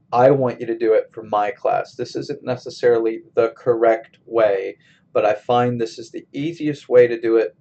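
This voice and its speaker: A man teaching a college English class in a recorded screencast lecture, explaining step by step in a slow, methodical way. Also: mid-range voice, creaky, warm tone, muffled recording.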